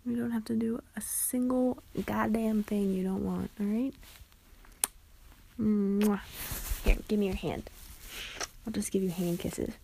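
A young woman in a whispered role-play, talking softly, tenderly and reassuringly, with frequent giggles. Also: mid-range voice, flat delivery, moderate pace, vocal fry, slight background noise, rough recording. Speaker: ASMR performer.

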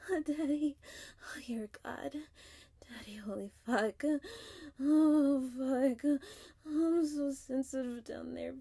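Breathy high-voiced woman, whispered role-play. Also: takes it slowly, mellow, no room sound. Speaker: audio role-play performer.

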